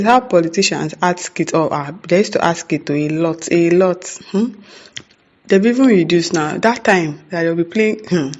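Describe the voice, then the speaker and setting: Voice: medium pitch, highs cut off. A commentator with a Nigerian accent giving casual news commentary. The commentator keeps asking rhetorical questions, adds "eh?" and "hmm?", and laughs between remarks.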